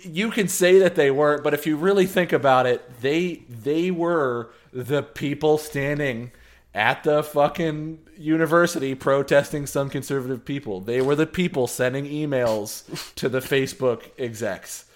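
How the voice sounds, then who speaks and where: A man's voice: on the high side, measured pace. A man in casual podcast chat, talking animatedly with lots of fillers, swearing and laughs. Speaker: podcast co-host.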